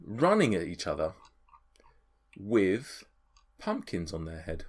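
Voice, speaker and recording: A man's voice: low-pitched, huge pitch swings, slow, slightly rough. A man narrating a tabletop game as game master, rambling and hesitant with many ums.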